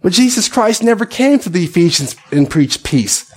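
Male pastor, high voice, conversational sermon that questions the congregation. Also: big pitch swings, normal speed, breathy edge.

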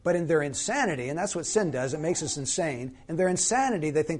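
A man with a notably high voice delivers a sermon. He preaches earnestly, leaning on key words and slowing to drive points home. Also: animated. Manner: earnest, emphatic preaching with slow, stressed phrases.

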